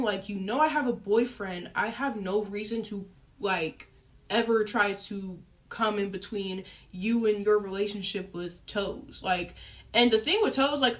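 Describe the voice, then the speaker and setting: A young adult woman telling a personal story in a casual, chatty way, full of fillers and animated asides. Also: a little high, distant mic. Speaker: storyteller vlogger.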